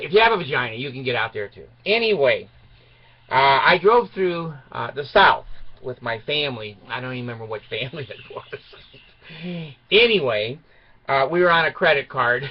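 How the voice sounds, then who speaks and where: A man's voice: mid-range voice, sing-song, normal speed, slight background noise. A man in his sixties from Utah, telling a rambling personal story, digressing and chuckling as he trails off. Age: 60s. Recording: dull lo-fi recording.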